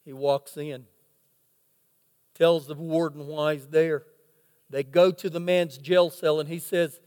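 Male pastor with a very high voice; dramatic sermon storyteller, recorded with long church-hall reverb. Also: unhurried, smooth. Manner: dramatic storytelling with rhetorical questions. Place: church sanctuary.

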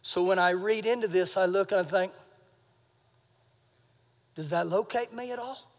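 A man preaching live in a church hall, his voice very high for a man and ringing with long reverb. He swings from shouting to hushed, confiding retellings of scripture. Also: normal speed. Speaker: pastor. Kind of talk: sermon. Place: church sanctuary.

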